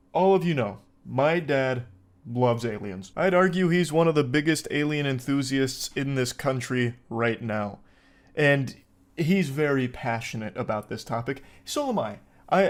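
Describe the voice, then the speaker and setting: A man doing casual reaction commentary in sarcastic, profane, mocking banter. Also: medium pitch. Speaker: commentary host.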